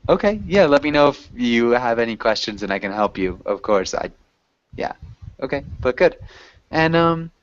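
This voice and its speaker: A man's voice: medium pitch, lively intonation, moderate pace, no room sound. A man teaching an English class, explaining patiently and casually with lots of ums. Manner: patient, loose and chatty, with many ums. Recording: dull lo-fi audio.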